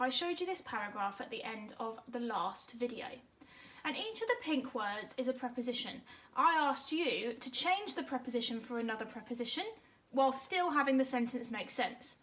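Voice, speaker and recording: A woman teaching an online grammar lesson to primary school children, upbeat and slowing down to spell words letter by letter. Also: sits high, a bit bright.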